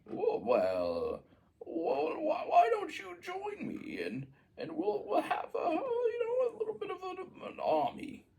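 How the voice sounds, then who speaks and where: A wheedling old vampire count, put on by a man telling a bedtime-style story, with a voice pitched up high that quavers and swoops. He stretches his words out slowly as he coaxes, and the talk rises and falls a great deal. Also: wildly swooping pitch, creaky, dark tone, exaggerated voice.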